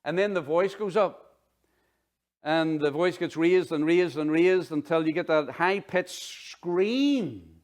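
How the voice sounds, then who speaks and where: A middle-aged man preaches in a chatty, animated way. He breaks off into personal asides. His voice sits a little higher than most men's. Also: takes it slowly. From Northern Ireland. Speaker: pastor. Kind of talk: sermon.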